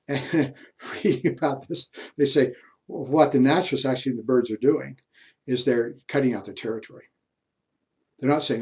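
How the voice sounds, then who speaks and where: A man's voice: mid-range voice, normal speed, long pauses, a little mellow. An older man lecturing on history, telling a reflective personal story and repeating words as he searches for them.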